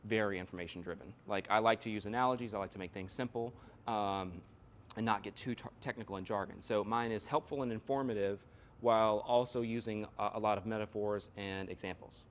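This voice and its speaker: A man's voice: on the low side, fairly even intonation, a little fast. Man presenting a live workshop. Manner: explains with analogies, frequent "right?" and "you know". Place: workshop room.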